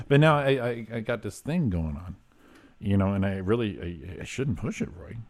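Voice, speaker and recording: A man's voice: on the low side, lively intonation, brisk, darkish tone. Wisecracking male morning show host. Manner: wisecracking, reads celebrity birthdays. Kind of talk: casual radio banter.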